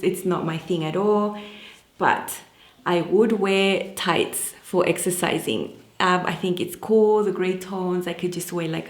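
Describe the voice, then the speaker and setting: A woman's voice: lowish voice, reverberant. A woman hosting a sewing channel, chatting casually and enthusiastically about fabrics, with frequent fillers. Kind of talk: casual fabric haul chat.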